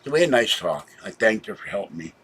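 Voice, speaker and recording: A man vlogging a meandering personal story in a chatty way, tired and low on energy, with sudden loud exclamations. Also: big pitch swings, quick pace, slightly rough.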